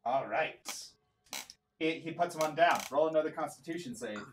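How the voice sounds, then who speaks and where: A man narrating a tabletop game as game master, in a lively, animated way. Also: a little high, normal speed, distant mic, slight background noise, poor audio.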